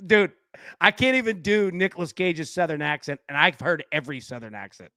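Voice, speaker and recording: A man hosting a live betting stream, talking in a fairly high voice into a dry, close microphone. He keeps things loose and jokey, laughing often between his picks and his film talk. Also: fairly quick, bright, forceful tone, no echo. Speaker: sports betting show host. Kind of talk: casual live-stream chat.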